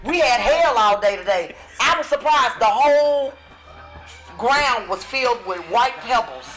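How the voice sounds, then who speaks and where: A Texan woman co-hosting a podcast, chiming in with quick agreement in casual chat. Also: fairly high pitch, expressive, a bit bright, soft background music. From Texas. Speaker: podcast co-host.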